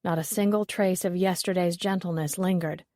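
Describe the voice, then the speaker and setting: A woman reading a mystery novel aloud as an audiobook narrator, in an even, steady manner. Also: fairly low pitch, moderate pace, dry recording, clean studio sound. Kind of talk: scripted narration.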